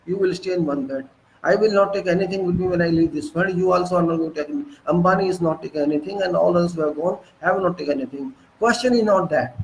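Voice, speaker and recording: A man's voice: high voice, fast talker, reverberant, a little hiss or hum, low-quality recording. A man in his sixties with an Indian English accent, giving an earnest moralizing lecture full of repetition and rhetorical questions. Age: 60s.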